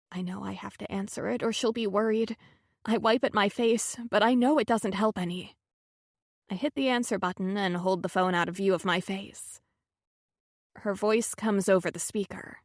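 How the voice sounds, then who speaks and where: A woman reading a romance audiobook in first-person narration, soft and subdued with emotion. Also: mid-range voice, no echo, clean studio sound.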